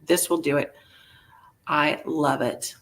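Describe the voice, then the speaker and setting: A man's voice: on the high side, fairly even intonation, slow, creaky, fairly bright tone. A man hosting a live online vintage sale, taking bids and joking playfully with a theatrical manner. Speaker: live auction seller.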